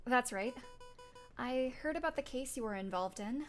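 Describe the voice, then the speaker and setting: A woman's voice: a little high, animated, moderate pace, faint music behind, natural voice. A woman reading as a chatty young lady bird. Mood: friendly.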